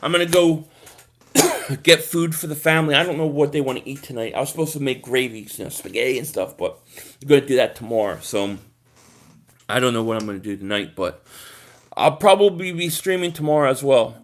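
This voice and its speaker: A young man hosting a casual live stream, reading comments and rambling excitably about football with lots of repeated words. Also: medium pitch, fairly quick.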